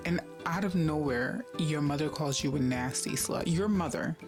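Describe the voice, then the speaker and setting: A woman's voice: low voice, moderate pace. A woman hosting a reaction video, commenting emphatically and repeating phrases for effect. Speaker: host. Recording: music under the voice. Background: music.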